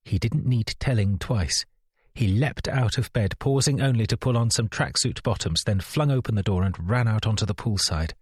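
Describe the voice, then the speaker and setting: A man narrates a first-person mystery thriller with measured, dramatic pacing. His voice sits low and carries a husky grain. The recording is dry and close, with no room sound. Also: no echo. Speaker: audiobook narrator.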